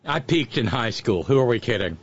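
A man telling stories in casual chat as a radio host, animated and mimicking the way others talk. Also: mid-range voice, fairly quick, lo-fi sound, a little hiss or hum. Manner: animated, drawling storyteller who mimics accents.

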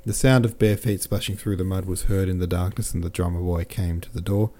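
A man narrating a classic novel as an audiobook in a steady, measured reading. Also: deep voice. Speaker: audiobook narrator and podcast host.

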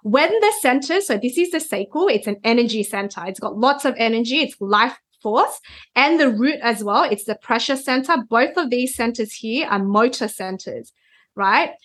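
Woman guest, higher-pitched, patient explainer who keeps asking "right?". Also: expressive, moderate pace, fairly bright tone. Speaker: Human Design reader, guest. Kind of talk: explanatory conversational chat.

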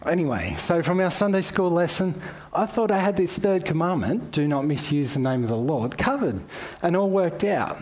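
A man's voice: mid-range voice, a little mellow. A man with an Australian accent giving a conversational Bible teaching, with casual asides to his listeners. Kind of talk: sermon-style Bible talk.

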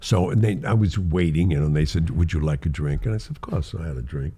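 A man's voice: extremely low pitch, fast talker, slightly rough. An older man casually telling show-business stories, acting out the voices in them and often laughing. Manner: animated storyteller who acts out quoted voices and laughs often. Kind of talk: casual anecdote.

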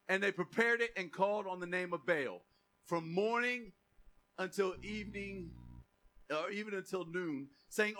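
A man preaching in a church, with a high, bright, forceful voice. He talks to the congregation in a conversational way and keeps checking for their responses. He reads scripture and builds to loud, emphatic proclamation. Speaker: pastor. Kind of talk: sermon with scripture reading.

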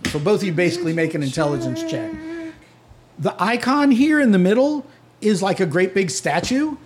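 A man with a fairly high voice running a tabletop game, narrating scenes in a relaxed, halting way. He fills his pauses with "um" and "like" as he sets the scene. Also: background noise. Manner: casual, hesitant, many fillers. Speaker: game master.

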